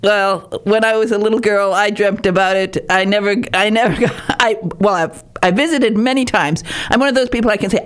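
A woman's voice: medium pitch, fairly quick, few pauses. A woman host who gushes about her guest, often stumbling and restarting her sentences. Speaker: podcast host. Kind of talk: warm chatty interview.

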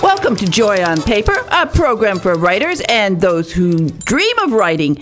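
A woman's voice: mid-range voice, big pitch swings, moderate pace, a bit bright, soft background music. Gushing, giggly older woman hosting. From Ireland. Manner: gushing, giggly, rambling with frequent laughs. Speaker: radio show host. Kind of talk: chatty radio interview.

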